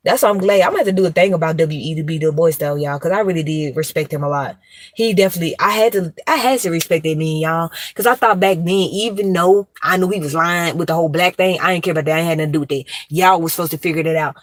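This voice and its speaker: A woman's voice: lowish voice, fast, no room sound. A woman, ranting emphatically and profanely to her viewers. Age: 30s. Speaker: vlogger.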